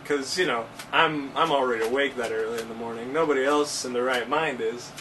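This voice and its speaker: A man talking to camera in a casual vlog, joking and animated, his voice jumping up in pitch for emphasis. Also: a little fast. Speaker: vlogger. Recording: distant mic with faint ambient noise.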